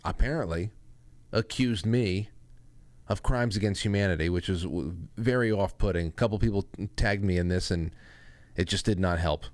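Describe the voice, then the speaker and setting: A man's voice: sits low, moderate pace, no room sound. Rambling self-deprecating male host. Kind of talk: casual monologue.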